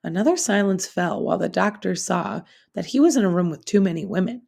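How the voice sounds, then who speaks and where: A woman teacher reading a novel aloud in a steady, expressive storytelling manner. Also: fairly low pitch, a little fast, creaky.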